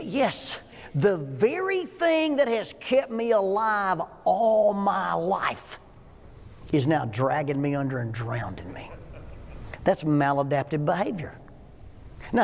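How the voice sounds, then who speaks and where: A man's voice: high voice, a little hiss or hum. Joking man in his sixties teaching. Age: 60s. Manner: folksy, joking storyteller asking the audience questions. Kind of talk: church teaching lesson. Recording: hall with long echo.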